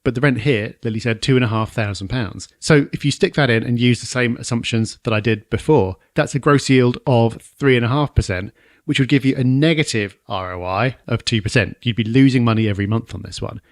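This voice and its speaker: A man's voice: medium pitch, no room sound, studio quality. A man from southern England co-hosting a property podcast, decisively running through the numbers. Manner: brisk and decisive, runs the numbers. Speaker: podcast co-host. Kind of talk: casual podcast discussion.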